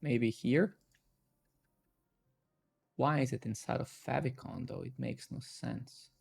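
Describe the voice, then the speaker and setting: His voice is medium in pitch, slow, creaky and husky. He is coding live and chatting casually to himself and his viewers, cursing and erupting with excitement when things work.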